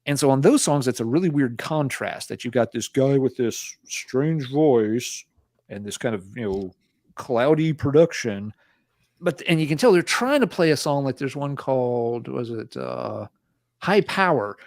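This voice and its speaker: A man's voice: medium pitch, animated, unhurried, a little mellow, dry recording, studio quality. A man co-hosting a podcast, chatting casually and rambling with stammers, swears and jokey asides. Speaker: podcast co-host. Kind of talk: casual podcast chat about metal.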